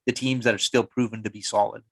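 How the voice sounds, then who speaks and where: A man's voice: on the low side, level tone, fast talker, creaky, no room sound. A man co-hosting a casual sports podcast, teasing his partner and firing off questions. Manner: quizzing, teasing, asks lots of questions. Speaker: podcast co-host.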